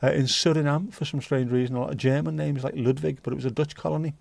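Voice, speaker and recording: A man's voice: on the high side, steady tone, fast talker, creaky, a little mellow, dry recording. Chatty man hosting a livestream. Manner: chatty, rambling, swears casually. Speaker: livestream host. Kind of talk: casual chat reading viewer comments.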